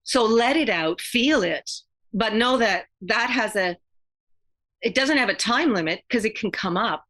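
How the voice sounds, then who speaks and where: A middle-aged woman, a yoga therapist talking as a podcast guest in an earnest, heartfelt way, often pausing and restarting her sentences. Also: on the high side, lively intonation, fairly bright tone. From Quebec, Canada. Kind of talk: reflective podcast interview talk.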